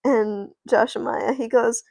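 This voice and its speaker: A woman's voice: fairly high pitch, steady tone, measured pace, gravelly, a little mellow, no echo. A woman streaming as she makes up a doll play story, rambling and interrupting herself with laughs. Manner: meandering, self-interrupting, laughing.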